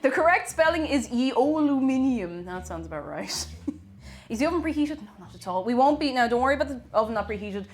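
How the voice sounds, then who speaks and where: A woman's voice: on the high side, animated, fast talker, slight background noise. Chatty Irish woman streaming while baking. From Ireland. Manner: chatty, reads chat aloud and thanks viewers. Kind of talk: casual live-stream chat while baking. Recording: faint music behind the voice. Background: faint background music.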